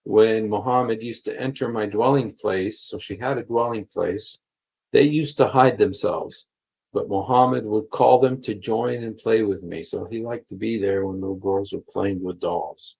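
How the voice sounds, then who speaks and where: A man's voice: on the low side, fairly even intonation, normal speed, vocal fry, darkish tone, breathy edge, low-quality recording. A man hosting a livestream, reading passages aloud and commenting with emphatic repetition and frequent fillers. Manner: emphatic, repeats key phrases, many fillers. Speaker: livestream host. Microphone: computer mic while streaming.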